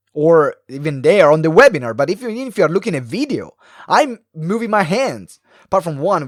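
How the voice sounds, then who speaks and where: A man hosting a solo live video talk for entrepreneurs, animated and fast-talking, swinging his pitch and pace, with many ums and uhs. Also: no echo, clean studio sound. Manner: animated, varies pace and pitch with frequent fillers. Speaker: podcast host. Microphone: close mic, live video stream.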